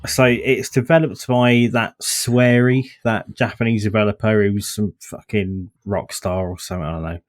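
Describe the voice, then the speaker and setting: A man's voice: lowish voice, fairly even intonation, moderate pace, few pauses. A man, ranting in sardonic, sweary podcast chat, full of restarts and fillers. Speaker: podcast co-host.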